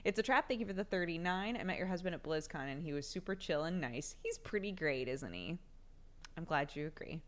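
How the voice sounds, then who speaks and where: A woman's voice: on the low side, expressive, brisk, noisy background. A woman streamer, sick, chatting casually and giggling often as she reads out names. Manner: giggly, laughs often while reading out names. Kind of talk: casual live-stream chat.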